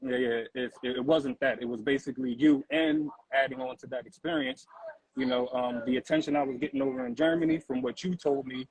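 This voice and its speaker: An American man with a slightly husky, breathy voice talks in a relaxed, rambling way, full of fillers and repeated words. The sound is dry and close, with no room around it. His pitch sits in a middle range. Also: brisk, no echo, poor audio. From United States. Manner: laid-back, repeats words with many fillers. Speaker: guest, husband of the host. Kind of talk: casual live chat.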